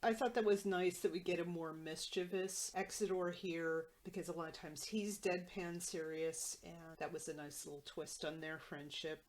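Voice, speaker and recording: A woman's voice: lowish voice, fairly even intonation, moderate pace, hardly any pauses. A woman podcast host recapping a sitcom episode with wry, conversational commentary.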